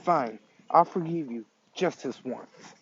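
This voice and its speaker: Storybook read-aloud: man doing a sulky teen girl, flat and dismissive, lo-fi. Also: fairly high pitch, takes it slowly, slight background noise. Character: annoyed teenage girl, sulky.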